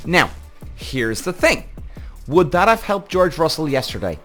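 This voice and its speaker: A man's voice: on the high side, sing-song, measured pace, pushed and bright, faint music behind. A man hosting a podcast, ranting heatedly with lots of swearing in casual commentary. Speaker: podcast host.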